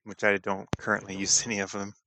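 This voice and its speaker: A man playing a tabletop game, low-key and a bit hesitant, at times speaking as his character. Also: monotone, fast, sharp tone, slight background noise. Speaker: player. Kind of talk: casual tabletop chat, some in-character talk.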